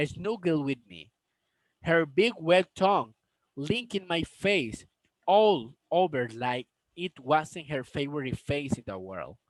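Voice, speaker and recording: Slow, careful man reading aloud. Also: on the high side, no echo, poor audio. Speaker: storybook reader. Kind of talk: reading a novel aloud with asides to viewers.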